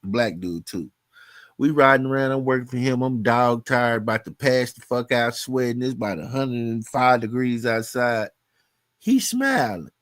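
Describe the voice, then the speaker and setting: A man's voice: mid-range voice, expressive, normal speed, no echo. A man from Louisiana talking in casual chat as a podcast guest, swearing freely and acting out the voices in his stories. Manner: profane, storytelling, acts out quoted voices.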